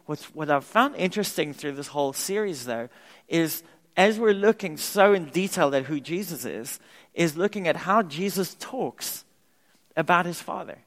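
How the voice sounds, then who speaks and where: A man pastor preaching a sermon in a church, emphatic and animated, repeating key words for effect. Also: a little high, normal speed. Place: church sanctuary. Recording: long reverb of a church hall.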